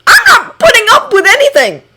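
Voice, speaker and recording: A woman voicing a cheerful, affectionate adult husband who speaks in a bright, gushing, exclamatory way. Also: very high-pitched, wildly swooping pitch, a little fast, background noise, voice pushed up, heavily acted.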